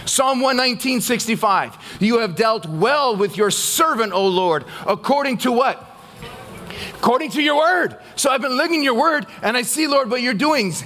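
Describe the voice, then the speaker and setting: A man pastor preaching a sermon to his church, asking the congregation questions and pausing for their answers. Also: very high voice, animated, pushed and bright.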